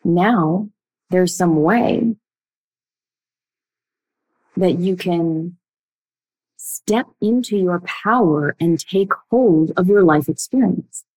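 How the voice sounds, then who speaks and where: A young woman speaks straight to her listeners as a relationship coach. Her voice sits a little low, and she is blunt and emphatic, racing through some phrases and stretching out others. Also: warm tone, low-quality recording. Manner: blunt, emphatic, speeds up and slows down a lot. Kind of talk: direct-to-listener coaching talk.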